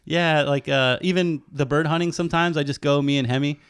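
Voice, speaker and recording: A man's voice: a little high, fairly even intonation, brisk, clean tone, no room sound. Laid-back man telling stories, dry mic. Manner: laid-back storyteller, laughs often, swears freely. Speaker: podcast guest, fishing guide. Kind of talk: casual podcast chat.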